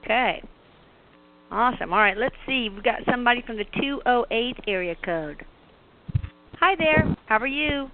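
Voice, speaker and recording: A woman hosting a call-in radio show, upbeat and brisk as she thanks sponsors and greets callers. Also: on the high side, animated. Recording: tinny phone line.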